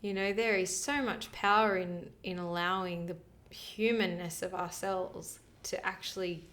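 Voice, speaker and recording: A woman's voice: fairly low pitch, fairly even intonation, unhurried, fairly bright tone. A woman co-hosting a podcast, chatting casually in an earnest, rambling way with plenty of fillers. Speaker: podcast co-host. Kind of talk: casual chat.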